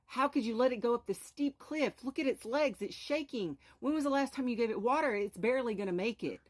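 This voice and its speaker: A woman's voice: mid-range voice, lively intonation, a little slow, fairly bright tone, voice pushed up. A woman voicing a crowd of strangers scolding travellers with outraged, accusing questions. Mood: indignant.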